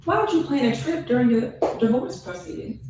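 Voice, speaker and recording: Woman playing a blunt divorce lawyer, clipped firm questions, echoey room with steady noise behind. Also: fairly high pitch, brisk. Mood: stern. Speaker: divorce lawyer in a web skit.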